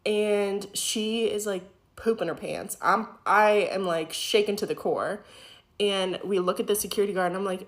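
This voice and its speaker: A young woman who used to be an EMT casually retells a frightening experience, animated and full of fillers. Her voice is medium-pitched and her speed normal.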